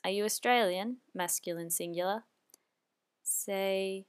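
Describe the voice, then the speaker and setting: Woman, lesson narration, unhurried, clear explanations, lowish pitch. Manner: patient, explains clearly, repeats each phrase twice. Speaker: Italian language teacher. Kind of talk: slow spoken language lesson.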